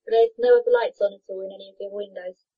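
A woman's voice: medium pitch, fairly even intonation, fast talker. A woman playing a tabletop game, speaking politely and apologetically in character. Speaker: player. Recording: dull lo-fi audio.

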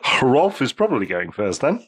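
A man's voice: mid-range voice, normal speed, husky. A man narrating a tabletop game as game master, telling the action with laughs and the odd swear word. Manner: lively, laughing, profane storytelling.

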